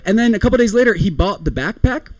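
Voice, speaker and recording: A man's voice: high-pitched, very animated, fast talker, no echo. A young man performing a rambling, self-deprecating stand-up comedy set, often laughing at his own jokes.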